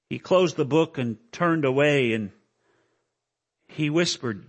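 A male preacher delivering a dramatic sermon at a church service, with emotional, pleading lines that climb high. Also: animated, slow, fairly bright tone, husky. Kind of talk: dramatic sermon with recited poem.

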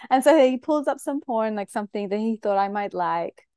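Candid, animated woman podcast host. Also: on the high side, brisk, smooth, no room sound, clean studio sound. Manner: animated, candid storytelling with frank language. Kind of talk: conversational podcast interview.

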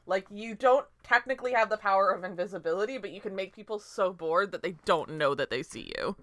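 A woman's voice: medium pitch, fairly quick, a bit bright, no echo. A woman co-hosting a podcast in casual chat, indignant and sarcastic, swearing freely. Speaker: podcast co-host.

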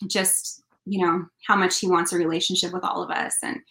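A woman's voice: lowish voice, level tone, fairly quick, a bit bright, echoey room, low-quality recording. A woman from Canada, a country singer and interview guest, telling a personal story in an earnest, heartfelt way.

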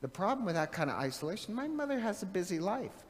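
A middle-aged man preaching a conversational sermon as a priest, animated and chatty, often asking his listeners questions. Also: sits high, quick pace. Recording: long reverb of a large hall.

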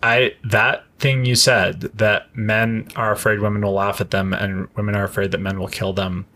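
A man's voice: on the low side, flat delivery, normal speed, sharp tone. A man co-hosting a podcast in casual chat, playful and laughing often. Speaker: podcast co-host.

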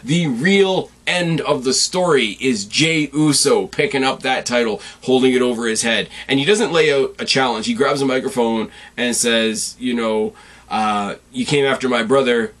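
A man hosting a casual podcast, recapping events with opinionated, animated rants and sudden excited jumps in his voice. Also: measured pace. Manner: jumps sharply up in pitch when excited. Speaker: podcast host.

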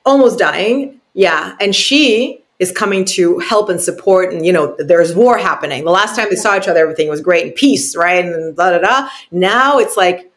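A woman guest on an interview podcast, telling a heartfelt story with lots of expression, often checking in with "right?" and acting out quotes with big jumps in pitch. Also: lively intonation, moderate pace, hardly any pauses.

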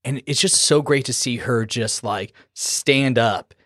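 A man's voice: mid-range voice, unhurried, a bit bright, no echo, studio quality. Laid-back man in casual chat. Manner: laid-back, swears freely, recites quotes at length. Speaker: podcast co-host.

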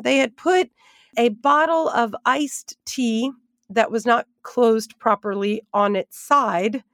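A woman Bible teacher telling a lively personal story as she leads into a devotional lesson. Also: mid-range voice, dry recording, clean studio sound. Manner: animated, expressive storytelling with asides.

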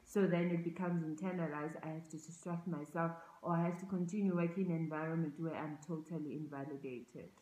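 A woman's voice: low-pitched, fairly even intonation, brisk, few pauses, warm tone. A woman giving an earnest, reflective talk, often repeating words and restarting her phrases as she searches for them. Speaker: speaker on racial oppression. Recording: roomy echo.

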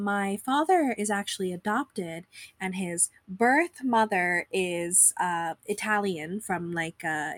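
A young woman with a husky voice and a touch of vocal fry, chatting loosely and rambling as a podcast host. She sounds close and dry, recorded lying in bed at home with no room sound. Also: medium pitch, no echo. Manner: rambling, self-deprecating, filler-heavy. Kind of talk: casual conversation.

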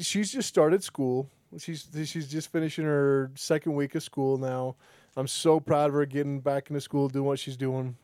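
A man's voice: dry recording, clean studio sound. A man hosting a casual podcast chat, rambling through stories with frequent restarts and acting out quoted lines. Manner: rambling storyteller who restarts sentences often; acts out quoted dialogue with lively pitch jumps. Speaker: podcast host.

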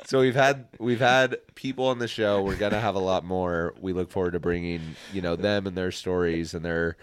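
A man's voice: deep voice, steady tone, moderate pace, clear, resonant tone, no echo, clean studio sound. A man from the American Midwest co-hosting a podcast, easygoing and steering the casual chat. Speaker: podcast co-host.

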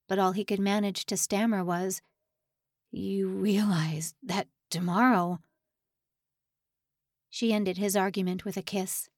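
A woman's voice: medium pitch, no room sound, clean studio sound. A woman narrating a suspense novel audiobook in a dramatic, tension-building read. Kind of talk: scripted narration.

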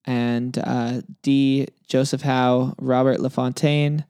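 A man with an average-pitched voice reads out quiz questions and their options in a steady, relaxed way. He then chats loosely about them. The sound is dry and close, with no room echo. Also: takes it slowly, smooth. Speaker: quiz reader, co-host. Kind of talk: casual chat, reading quiz questions.

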